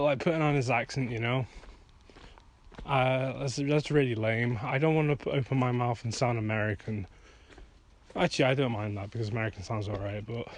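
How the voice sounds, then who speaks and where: A man talking frankly while walking outdoors at night, rambling and swearing freely as he gets heated. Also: mid-range voice. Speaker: vlogger and songwriter. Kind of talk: casual rambling monologue.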